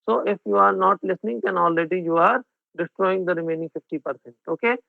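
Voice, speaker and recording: High-voiced Indian English teacher, phone-thin. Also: male voice, fast talker, vocal fry, dry recording. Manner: mixes Hindi and English, checks in with students. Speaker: exam coaching teacher. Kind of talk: online class lecture. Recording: phone-like narrow band, dry.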